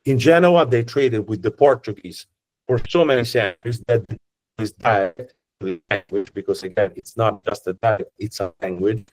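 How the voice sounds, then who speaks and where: A man's voice: on the low side, normal speed, a little mellow. Italian-accented man, tour guide, casual joking explanation, frequent restarts. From Italy. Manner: chatty and joking, with many restarts and fillers.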